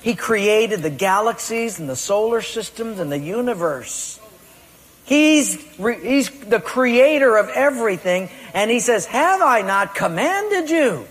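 A man preaching a sermon with emphatic delivery, acting out excuses and commands and rising to loud peaks. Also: high-pitched, expressive, measured pace, in a large hall. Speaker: pastor.

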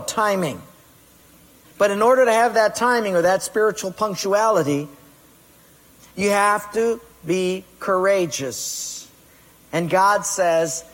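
A man's voice: high-pitched, expressive, slow pace, fairly bright tone. A man preaching a sermon, emphatic, firing rhetorical questions at his congregation. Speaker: pastor. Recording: long reverb of a large hall.

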